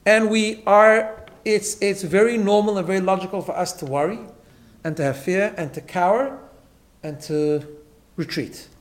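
A man's voice: high-pitched, moderate pace. A man teaching a Torah class, emphatic, often repeating words and checking in with "right?". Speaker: rabbi.

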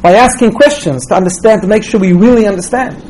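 Religious teacher, male, high-pitched, storytelling delivery, repeats himself on restarts. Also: fast talker, darkish tone, a little hiss or hum, poor audio. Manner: storytelling, tags points with "right?". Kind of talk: teaching talk with stories.

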